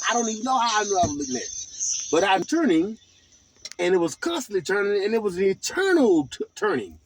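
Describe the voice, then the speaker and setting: A man's voice: sits high, a little hiss or hum. A man telling a rambling dream story and turning defensive in a casual conversation inside a truck cab. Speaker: partner in a couple's argument.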